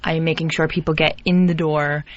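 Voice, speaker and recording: A woman's voice: deep voice, level tone, normal speed. A young adult woman, an intern on a radio show, explaining herself earnestly and a little defensively. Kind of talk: casual radio talk. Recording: dull lo-fi radio broadcast.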